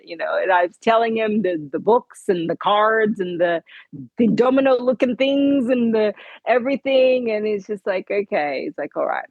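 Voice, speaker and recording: A woman guest telling her personal faith story in an interview, emotional and halting. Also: medium pitch, a little mellow, no room sound, highs cut off.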